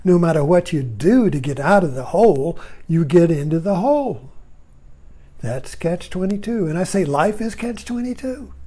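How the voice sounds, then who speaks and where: Mellow-voiced man musing and chuckling. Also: high-pitched, animated, moderate pace. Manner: chuckling, digressive, self-interrupting. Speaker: speaker on Zen and irony. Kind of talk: rambling casual monologue.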